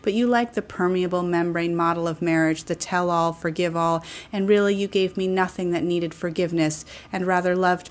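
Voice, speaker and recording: A middle-aged woman giving a poetry reading in a slow, deliberate way with long pauses. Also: on the low side, fairly even intonation. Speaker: poet.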